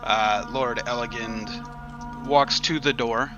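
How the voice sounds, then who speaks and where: A man narrating a tabletop game as game master, lively, with quick asides. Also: medium pitch, lo-fi sound, over music.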